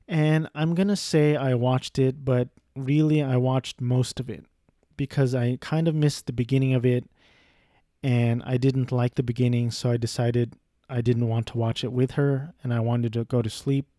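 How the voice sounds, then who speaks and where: Guy rambling thru a movie review, mellow voice, swears a lot, dry close sound. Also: medium pitch, no room sound. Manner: rambling, profane, self-deprecating. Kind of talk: casual movie review monologue.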